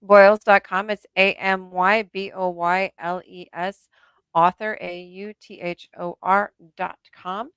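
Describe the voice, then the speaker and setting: Smooth-voiced woman podcast host. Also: mid-range voice, a bit bright, dry recording. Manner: upbeat, spells out web address slowly. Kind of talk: podcast wrap-up.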